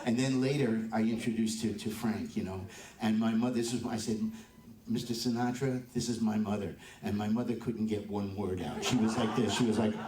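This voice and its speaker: A man's voice: fairly low pitch, a little fast, background noise. Older man telling stories from a stage. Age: 70s. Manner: chatty, laughing often, with lively asides. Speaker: bandleader and drummer hosting a live show. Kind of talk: on-stage storytelling to a live audience. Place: live music venue. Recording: echoey room, distant mic.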